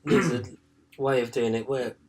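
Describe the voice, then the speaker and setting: A man chatting casually as a podcast co-host. He rambles, filling his sentences with "like" and "um." His voice sits at an ordinary middle pitch. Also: fairly even intonation, measured pace, slight background noise. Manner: rambling, full of fillers like "like" and "um". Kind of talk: casual chat.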